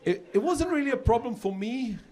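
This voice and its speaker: With a very high, mellow voice, lively intonation, and a brisk pace, a middle-aged South African man runs through a chatty comedy set. Repeated words help him build each joke on a club stage, where the live crowd laughs along.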